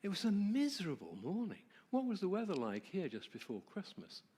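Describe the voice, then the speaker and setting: A man's voice: sits high, huge pitch swings, a little fast, slightly rough. Conversational man telling a story in church. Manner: warm, conversational, asks the audience questions. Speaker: marriage ministry presenter. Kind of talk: storytelling talk to a church audience.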